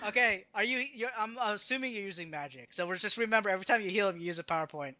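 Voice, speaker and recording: A man who is the game master, narrating a tabletop game in a casual, halting way, on a muffled lo-fi mic. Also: high-pitched, sharp tone, slight background noise.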